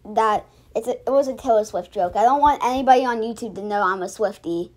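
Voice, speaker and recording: Chatty high-voiced young woman reacting. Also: a little fast, a little mellow. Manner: chatty, restarts a lot, mocking. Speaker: reaction video host. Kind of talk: casual reaction commentary.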